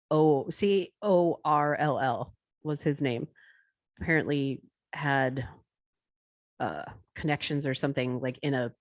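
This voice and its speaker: Co-host chatting on a podcast, quick reactions, then explains stuff, dry close sound. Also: medium pitch, dry recording. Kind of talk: casual chat.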